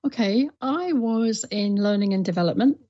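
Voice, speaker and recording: A woman in her sixties with an English accent, a guest talking in a measured, modest and reflective way in a relaxed interview. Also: mid-range voice, lo-fi sound. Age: 60s.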